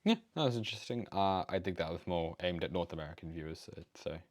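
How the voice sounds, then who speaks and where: A man's voice: low-pitched, fast talker, dry recording. A man with an Australian accent, casually chatting and laughing as he reacts to a video. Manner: chatty, laughs easily, trails off.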